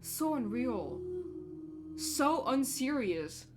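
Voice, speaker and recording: A woman's voice: high voice, big pitch swings, extremely slow, music in the background. A tired woman streaming a video game, ranting with exasperation and swearing as she talks casually. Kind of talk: casual gameplay commentary.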